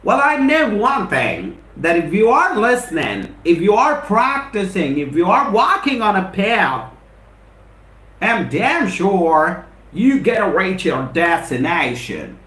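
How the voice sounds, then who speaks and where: A man's voice: high voice, sing-song, takes it slowly, fairly bright tone, reverberant. A man with an Indian English accent runs a live spoken English lesson, repeating his points with emphasis and greeting viewers by name. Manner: repetitive, emphatic motivational delivery.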